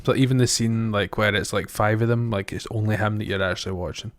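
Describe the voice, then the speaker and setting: A man's voice: lowish voice, steady tone, fast, no room sound. A Scottish man co-hosting a podcast, chatting casually about a film in a rambling, self-deprecating way with frequent laughs. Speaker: podcast co-host. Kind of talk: casual film review chat.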